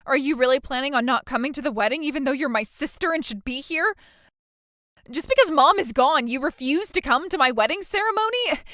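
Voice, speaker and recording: A whiny, entitled young bride, played by a woman, stammering and demanding in a dramatized text-message story. Her voice sits high, and the recording is dry and close-miked. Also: animated, brisk, fairly bright tone, no room sound.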